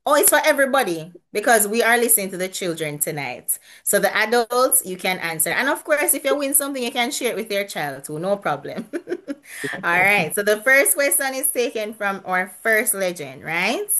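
A woman's voice: mid-range voice, very animated, normal speed, a bit bright. A woman hosting a casual quiz over a video call, chatty, laughing often and restarting her sentences. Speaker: quiz host at an online church gathering.

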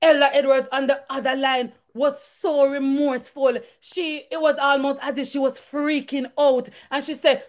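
A young woman preaches her own testimony with a high, lifted voice. She speaks fervently and builds into shouted peaks as she presses her point to the congregation. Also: steady tone, normal speed. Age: young adult. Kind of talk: testimony sermon.

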